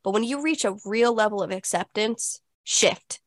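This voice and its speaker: A woman's voice: mid-range voice, normal speed, no echo, studio quality. A woman co-hosting a podcast, talking in an emphatic, insistent way about spiritual growth, with lots of "like"s. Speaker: podcast co-host. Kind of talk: casual spiritual chat.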